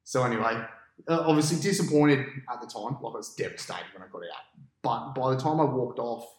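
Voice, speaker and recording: A cricket captain telling a long match story on a podcast, in a casual, animated way and with an Australian accent. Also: male voice, medium pitch, fairly quick, reverberant, poor audio. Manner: animated storyteller, acts out his own past thoughts.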